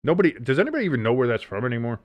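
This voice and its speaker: A man's voice: medium pitch, big pitch swings, rapid-fire, dry recording. A man hosting a live football watch-along, calling plays and chatting casually with viewers, swearing freely. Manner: casual and profane, reads the chat. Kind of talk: live game commentary and chat.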